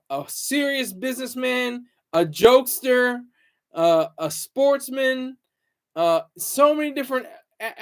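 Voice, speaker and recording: A man hosting his own talk show, speaking in a halting, rambling way with lots of repeated words and fillers, earnest and reflective. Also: sits high. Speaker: show host. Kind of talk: solo talk-show monologue.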